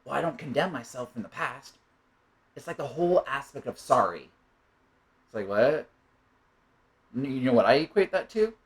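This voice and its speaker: Man, mid-pitched voice, reflective monologue, rambling and musing, tag questions throughout. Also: animated, normal speed, pauses often, low-quality recording. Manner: rambling, musing, keeps asking "right?". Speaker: monologue speaker.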